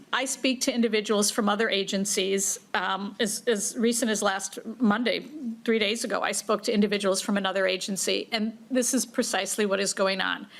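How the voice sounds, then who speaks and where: A woman's voice: medium pitch, gravelly. A woman who works for the state, giving public testimony in an earnest, emphatic way.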